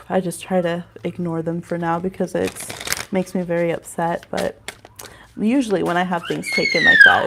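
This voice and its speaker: Chatty woman with vocal fry. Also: on the low side, background noise. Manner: chatty and rambling, often laughing. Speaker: astrology and tarot reader hosting a live stream. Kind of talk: casual live-stream chat.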